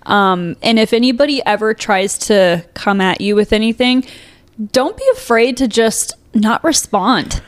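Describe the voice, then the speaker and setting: A woman's voice: a little high, measured pace. A young adult woman co-hosting a podcast, chatting casually and telling stories with lots of fillers. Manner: chatty, storytelling with many fillers. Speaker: podcast co-host. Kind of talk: casual chat.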